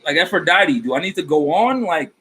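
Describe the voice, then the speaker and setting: Brisk and on the high side, this man's slightly rough voice comes through a low-quality recording. He's a tarot-reading vlogger who talks casually about spirit guides, rambling and animated, with lots of slang and cursing.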